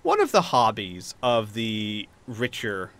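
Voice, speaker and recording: A man's voice: fairly low pitch, huge pitch swings, slow, a bit bright. A man narrating a tabletop role-playing game as game master, rambling at times with fillers and restarts.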